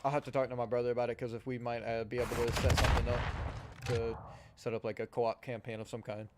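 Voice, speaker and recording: A man with a voice of middling pitch chats casually on a stream and chimes in with encouragement. His audio carries a clear layer of background noise. He gives advice as a laid-back co-host. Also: little pitch movement, fast. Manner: encouraging, chiming in. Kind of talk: casual chat.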